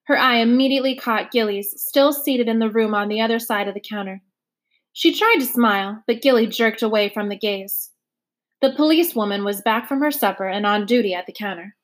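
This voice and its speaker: Brief: woman reader, slightly high voice, steady read-along narration. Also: brisk. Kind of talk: reading a novel aloud.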